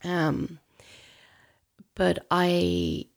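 A woman, a guest talking intimately and hesitantly in a soft, often breathy, near-whispered voice. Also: on the low side, very animated, extremely slow. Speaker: guest sharing a personal story. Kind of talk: intimate conversation.

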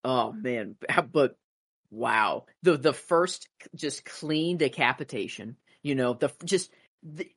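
A man co-hosting a podcast in casual chat, talking in halting bursts full of fillers that often trail off quietly. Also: medium pitch, lively intonation, husky, dry recording. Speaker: podcast co-host.

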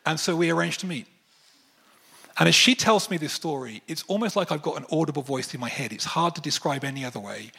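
A man preaching a sermon, telling a personal story and acting out the voices in it with animated swings. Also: normal speed, slightly rough. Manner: animated, acts out dialogue with wide pitch swings.

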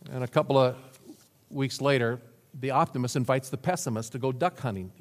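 A man's voice: medium pitch, brisk. A man preaching a sermon, telling stories with chuckles and acting out the voices of the people in them. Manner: storytelling with chuckles, acting out quoted characters. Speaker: pastor. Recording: reverberant hall.

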